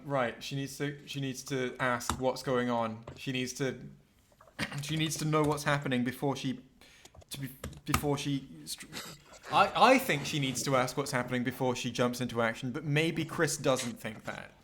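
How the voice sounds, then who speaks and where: A man chatting on a livestream as co-host, excitable and quick to laugh, tripping over his words as he pitches ideas for a script. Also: slight background noise. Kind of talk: casual livestream chat, improvising a script.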